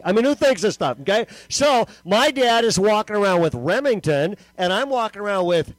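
A man with a high voice tells a comic story to a live crowd of teenagers. He is animated and acts out quotes and noises, tagging his lines with a questioning "okay?". His voice sounds close and dry, with no room echo. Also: normal speed, few pauses. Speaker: speaker addressing teenagers at a camp. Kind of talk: comedic storytelling talk to a live audience.

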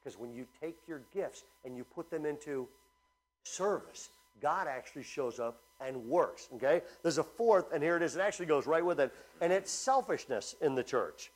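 A middle-aged man, a pastor, preaching a sermon with animated storytelling, full of fillers and restarts. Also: on the high side, moderate pace, low-quality recording.

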